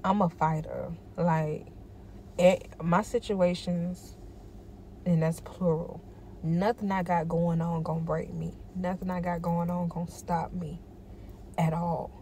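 A tired vlogger speaks slowly in a lowish, warm voice with little pitch movement, and there is slight background noise. In this personal vlog she talks emphatically and repeats herself to encourage herself.

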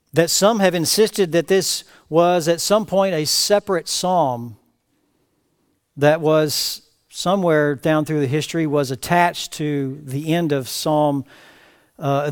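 A man preaching a verse-by-verse sermon as pastor, reading scripture aloud with rising emphatic cries and then dropping to quiet asides. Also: a little high. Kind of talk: expository sermon. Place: church sanctuary.

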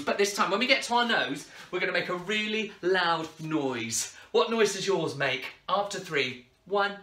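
A young adult woman hosting a children's party show, playful and giggly, calling out prompts for the kids to answer. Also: fairly low pitch. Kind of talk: energetic kids' show hosting. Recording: echoey room with loud music.

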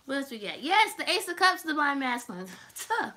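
Bright, high-voiced woman reading tarot. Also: fairly quick. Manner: animated, laughing, profane and teasing. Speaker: tarot reader.

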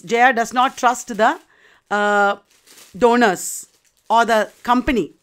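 A woman lecturer summarizing the plot of a play in a deliberate way, with occasional fillers and restarts. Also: on the high side, smooth. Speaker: literature lecturer.

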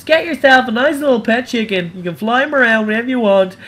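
A man, streaming a racing game live and talking to chat, excitable and crying out at crashes. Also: extremely high pitch, fast talker. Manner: excitable, cries out at crashes and wins. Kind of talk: live gameplay commentary.

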